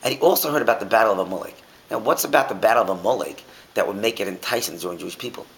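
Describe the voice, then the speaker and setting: A man's voice: on the low side, very fast, poor audio. A man teaching an informal Torah class, asking his listeners many rhetorical questions and often restarting his sentences.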